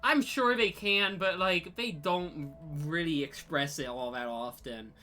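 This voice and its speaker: A woman's voice: low-pitched, animated, measured pace, few pauses, bright, forceful tone. A young woman streaming casually, giggly and profane, often collapsing into laughter. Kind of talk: casual chat on a livestream.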